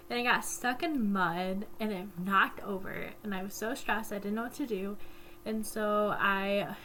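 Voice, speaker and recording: A woman's voice: mid-range voice, fairly bright tone, a little hiss or hum. A woman who works at a camp, recording a giggly, affectionate video message with many ums. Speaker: camp staff member.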